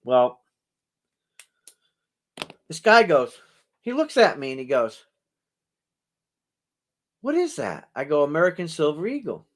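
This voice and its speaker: A man's voice: fairly high pitch, sing-song, unhurried, long pauses. A middle-aged man hosting a coin auction, telling rambling anecdotes to his audience and chuckling as he goes. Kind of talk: casual storytelling to a live audience.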